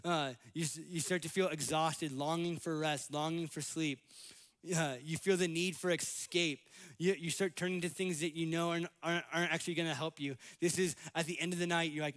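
A man's voice: a little high, little pitch movement, brisk, fairly bright tone. A man in his late twenties preaching a conversational sermon in church, with self-deprecating humor and frequent restarts. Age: 20s. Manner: frequent restarts and repeated words.

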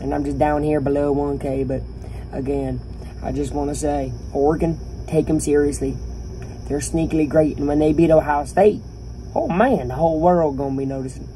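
Animated young man ranting about sports. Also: a little high, fairly quick, a little hiss or hum. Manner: animated, opinionated, talks to viewers. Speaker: YouTuber. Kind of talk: casual sports rant to camera.

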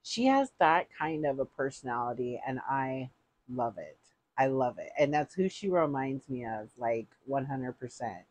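A middle-aged woman vlogger talks through an unboxing in a chatty, gushing, rambling way. Her voice sits low and comes out husky. She takes her time, speaking at an unhurried pace. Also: lively intonation. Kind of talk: casual unboxing chat.

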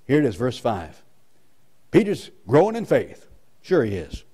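A man's voice: medium pitch, wildly swooping pitch, unhurried, dark tone, breathy edge. A male pastor preaching a sermon with emphasis, repeating his key lines.

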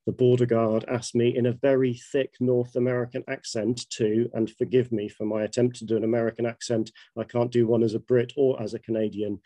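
A British man in his fifties, a bishop giving a measured, reflective webinar talk with personal anecdotes. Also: mid-range voice, flat delivery, warm tone, no room sound. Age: 50s.

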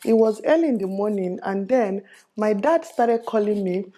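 Styling a wig as she tells a story, this Nigerian woman in her 30s, a beauty vlogger, keeps the chat casual and laughs a lot. She speaks at normal speed in a medium-pitched, animated and mellow voice.

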